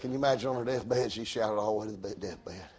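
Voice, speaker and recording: A man preaching a sermon in a folksy way, dropping to a hush and rising to shouts. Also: on the low side, fast talker. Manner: folksy, swings from hushed to shouting.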